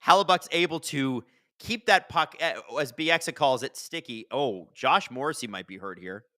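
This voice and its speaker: A man hosting a live hockey watch-along, chatting and reacting loudly to plays. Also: medium pitch, expressive, moderate pace, no echo, clean studio sound.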